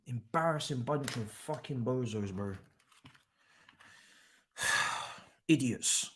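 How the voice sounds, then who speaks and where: A man's voice: mid-range voice, slow, fairly bright tone. A man with hosting a live football watchalong, angry and swearing in a repetitive rant.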